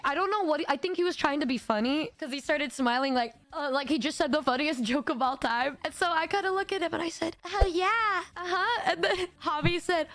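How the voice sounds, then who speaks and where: A high-pitched woman streamer recounting a story in casual chat. She is giggly and excitable and often breaks into laughter as she goes. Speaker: VTuber streamer.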